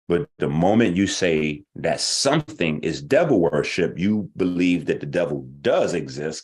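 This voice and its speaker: A man's voice: low-pitched, a little mellow. A man hosting an online talk stream, giving a profane, rhetorical, argumentative casual monologue.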